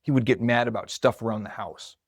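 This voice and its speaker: A man's voice: fairly low pitch, brisk, slightly rough, no room sound, studio quality. A man, probably middle-aged, telling a personal story in a conversational, reflective way. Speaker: marketing coordinator.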